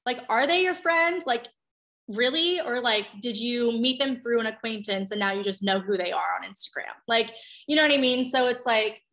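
A woman, a mother in her thirties, telling a personal story in candid casual chat, swearing freely and acting out quotes. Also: fairly bright tone. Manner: chatty, swears freely, acts out quotes with big pitch jumps.

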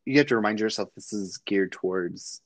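Young male podcast co-host, lively casual chatter, dry close mic. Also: on the low side, no echo. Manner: chatty, animated, quick asides and laughs. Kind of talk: casual chat.

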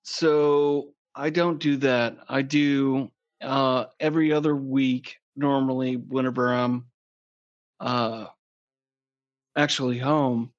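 Slow-talking joking man, lo-fi sound. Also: medium pitch, fairly even intonation. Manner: joking, crude, rambling. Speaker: podcast guest. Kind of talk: casual chat. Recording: dull lo-fi sound.

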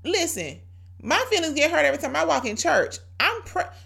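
A woman's voice: high voice, big pitch swings, brisk, creaky, pushed and bright. Emphatic woman preaching on a podcast. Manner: emphatic, preachy, with rhetorical questions; conversational, repeats key phrases. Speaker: podcast host. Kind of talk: devotional podcast exhortation.

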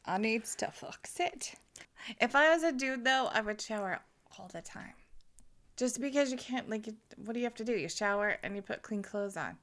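A woman's voice: on the high side, a little fast, a bit bright. A woman co-hosting a podcast in casual chat, swearing freely, laughing a lot and acting out her own reactions.

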